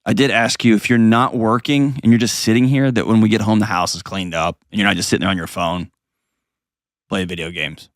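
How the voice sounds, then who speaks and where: A man's voice: on the low side, steady tone, fairly quick, no echo, clean studio sound. A man hosting a call-in advice show, talking bluntly and earnestly. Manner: blunt, earnest, acts out quotes in mocking voices.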